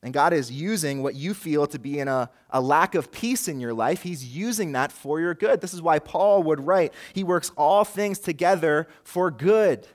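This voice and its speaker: A man's voice: a little high, expressive, moderate pace, few pauses. A man preaching a sermon as pastor, earnest and rising and falling in force, with a light joke now and then. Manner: jokes lightly with the congregation.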